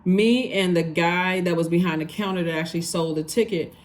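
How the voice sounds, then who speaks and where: Speaking fairly quickly in a low-leaning voice, this woman does an informal tarot reading. She rambles in a loose, conversational way, stressing points emphatically and saying phrases more than once.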